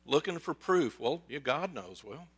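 Pastor, male, a touch high-pitched, chatty storytelling sermon with jokes and acted-out voices. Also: sing-song, unhurried, breathy edge. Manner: conversational storytelling with jokes and asides; acts out quoted voices.

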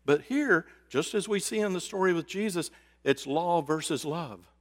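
A man preaching a sermon, swinging between loud emphasis and hushed, drawn-out words. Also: fairly high pitch, expressive. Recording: reverberant hall.

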